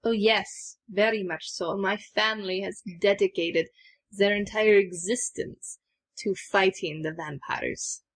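A woman playing a tabletop game, speaking in character in a measured, formal way. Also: mid-range voice, fairly even intonation. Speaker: player voicing her character. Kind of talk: tabletop role-play in character.

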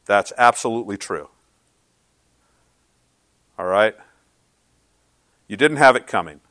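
A man preaching a sermon as pastor, earnest and swinging from loud to hushed. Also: fairly low pitch, expressive, slow pace, no echo.

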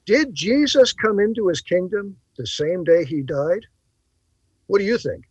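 A man hosting a bible talk show, explaining in a teacherly way and pausing to stress his points. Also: high-pitched, lively intonation, breathy edge, no echo, poor audio. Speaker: podcast host.

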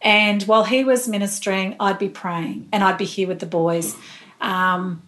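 A woman's voice: mid-range voice, steady tone, normal speed, a bit bright. A middle-aged woman, a pastor's wife, candidly telling a personal faith story in an interview, emotional and close to tears at moments.

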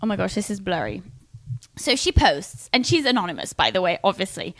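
A young woman co-hosting a casual podcast, sassy and animated, often laughing and breaking into shrill outbursts. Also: fairly quick. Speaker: podcast co-host. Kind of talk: casual chat, reading a post aloud.

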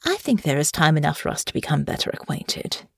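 A woman's voice: low voice, big pitch swings, fairly quick, vocal fry, husky, dry recording, exaggerated voice. A woman voicing a cold, calculating young noblewoman who speaks in a detached, matter-of-fact way.

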